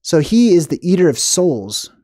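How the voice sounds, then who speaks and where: Rambling, higher-voiced man hosting a live talk. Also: big pitch swings, moderate pace, mellow, no echo, clean studio sound. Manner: rambling, thinking aloud with frequent fillers and asides; reads passages aloud, then comments on them. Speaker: host of a live video on symbolism. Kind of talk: casual explanatory livestream talk.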